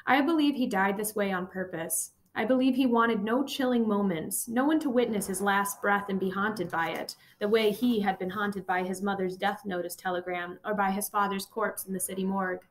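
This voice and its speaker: A woman narrating a first-person memoir audiobook in a measured, quiet and somber reading. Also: mid-range voice.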